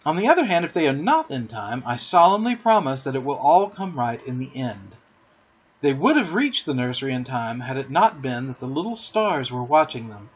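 A man reading a children's storybook aloud as a podcast host, expressive and gentle. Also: medium pitch, moderate pace, slightly rough, dull audio.

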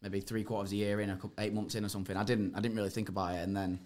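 A man's voice: on the low side, flat delivery, racing, darkish tone. A young man, a podcast guest who tells his fight stories in rambling casual chat, laughing and swearing often.

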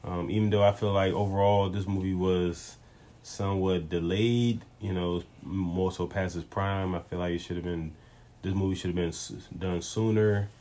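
A man giving his opinion as a guest on a casual podcast, hesitant, with many pauses and ums. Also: low voice, steady tone, dark tone. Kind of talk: casual chat.

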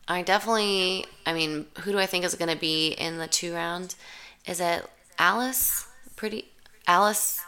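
Sarcastic woman ranting at a show, low-ish gravelly voice, bright edge. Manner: sarcastic, profane, rambling asides. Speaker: reaction commentator. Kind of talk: casual reaction commentary.

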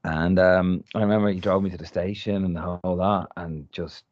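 A man's voice: low-pitched, steady tone, fairly quick, a little mellow, dry recording. A man from Ireland telling a rambling, laugh-filled anecdote in casual podcast chat, swearing freely. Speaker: podcast co-host. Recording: muffled dry recording.

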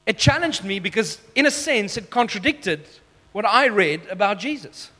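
A man preaching a sermon as pastor, emphatic, slowing down for key phrases, with self-deprecating asides. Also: sits high, expressive, pushed and bright, big-room sound.

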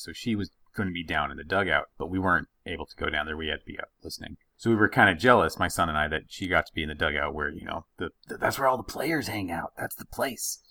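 A man in his thirties, a podcast co-host, telling a funny family story in a casual, animated way and laughing often. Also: sits low, gravelly, no echo.

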